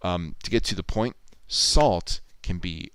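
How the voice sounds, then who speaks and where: A man's voice: low voice, slow pace, fairly bright tone, clean tone, dry recording, rough recording. A man chatting casually on a livestream, thinking aloud and reading viewer comments out. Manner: musing, thinks aloud, reads chat comments out. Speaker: livestreamer editing a video.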